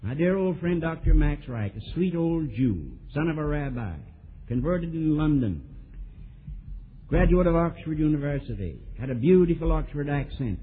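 A man preaching a sermon, telling a story and swinging from soft, low asides to emphatic, raised lines. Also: animated, moderate pace, husky. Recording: old tinny lo-fi sermon tape.

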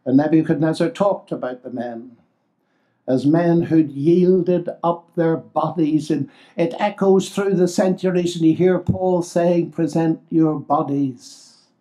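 An older man preaching a sermon, expressive and exclamatory, swinging between loud declarations and hushed asides. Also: fairly high pitch, unhurried.

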